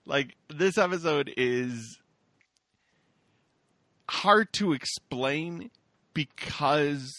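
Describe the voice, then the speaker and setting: A man's voice: fairly high pitch, extremely slow, pauses often, no room sound. A man co-hosting a casual podcast chat, joking and acting out scenes as he talks. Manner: animated, jokey, acts out scenes. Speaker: podcast co-host.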